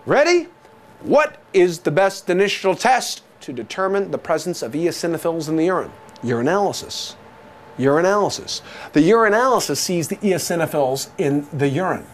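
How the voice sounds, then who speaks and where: A male lecturer with a notably high voice for a man, teaching with theatrical flair. He fires rhetorical questions at his listeners, repeats the answers for emphasis, and drops jokes between the facts. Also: sing-song, moderate pace, slight background noise. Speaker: medical exam review lecturer. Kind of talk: jokey recorded lecture.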